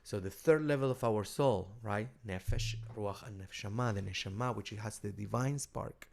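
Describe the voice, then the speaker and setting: A middle-aged man, a rabbi and cantor with an Argentine Spanish accent, giving an informal teaching talk, halting often and repeating words as he restarts. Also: fairly low pitch, vocal fry, a little mellow.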